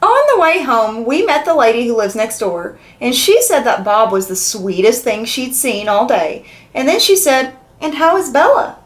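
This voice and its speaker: A woman's voice: fairly high pitch, normal speed, hardly any pauses. A woman reading a picture book aloud to young children, asking them questions as she goes. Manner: animated, asks the young listeners questions. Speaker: children's story reader. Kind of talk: interactive read-aloud for children.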